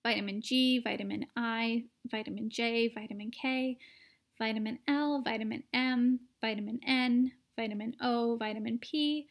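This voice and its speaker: A woman reading a children's book aloud in a lively storytelling manner with playful asides. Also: on the high side, moderate pace. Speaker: reader.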